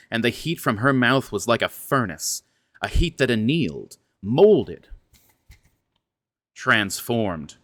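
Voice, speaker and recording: A man's voice: fairly low pitch, fairly bright tone, dry recording. A man reading a fantasy horror novel aloud, breaking off now and then for chatty, stumbling asides. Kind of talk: dramatic book reading with casual asides.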